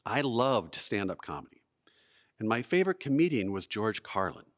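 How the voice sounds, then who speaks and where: A man tells a funny childhood story to a live audience in a museum event space. His voice swings widely in pitch as he builds to punchlines and sinks for the gloomy beats. The delivery is animated and well timed, the way a practiced storyteller works a room. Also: moderate pace. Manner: animated, lively delivery with comic timing.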